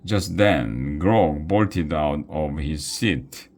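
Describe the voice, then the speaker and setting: A man's voice: a bass voice, expressive, a little mellow. A man reading a children's book aloud, at times stumbling and restarting a word. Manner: slow, with small slips and restarts. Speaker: storybook reader.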